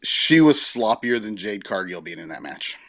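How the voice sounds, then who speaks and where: A man's voice: lowish voice, big pitch swings, normal speed, fairly bright tone, no echo. A man co-hosting a podcast in casual chat, telling his take in a rambling way and often correcting himself mid-sentence. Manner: rambling, self-correcting storytelling. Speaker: podcast co-host.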